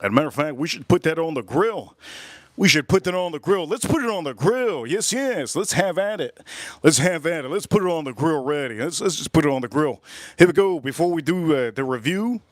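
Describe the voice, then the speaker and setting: A man's voice: fairly high pitch, expressive, brisk, dry recording. Rambling man streaming live at the grill. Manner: rambling, repeats phrases, bursts of loud emphasis. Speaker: livestream host. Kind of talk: casual livestream chat while grilling.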